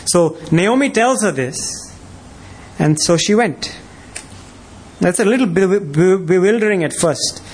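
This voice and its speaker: High-voiced preacher. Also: male voice, animated, measured pace, pauses often, slightly rough. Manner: emphatic, full of rhetorical questions. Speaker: pastor. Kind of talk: sermon.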